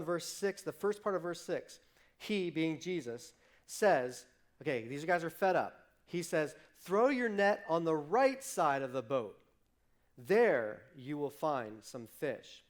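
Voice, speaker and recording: A male pastor giving a sermon, telling the story lively and acting out the characters' lines, with frequent restarts. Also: fairly high pitch. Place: church livestream.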